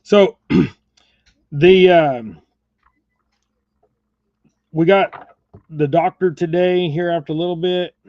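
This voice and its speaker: A man's voice: on the high side, fairly even intonation, slow, pauses often, no room sound. A man hosting a fishing channel from home, chatting in a rambling, folksy way while tying jigs, often chuckling. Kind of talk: casual live chat while tying jigs. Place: home, indoors. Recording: dull, slightly muffled sound.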